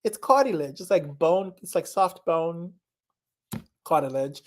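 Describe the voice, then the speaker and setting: Young woman, low-ish voice, rambling casual guest, enthusiastic, laughs a lot. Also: expressive, a little slow. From Zimbabwe. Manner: rambling, enthusiastic, laughs often, repeats herself. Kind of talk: casual chat.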